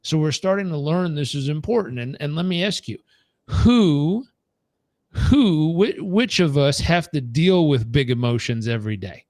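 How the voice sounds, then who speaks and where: A man in his thirties gives a live coaching training in a fairly high voice. He tells stories in an animated way and acts out the people he quotes with sudden leaps in pitch. The sound is dry and close. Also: a little slow, no room sound. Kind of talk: live training talk with storytelling.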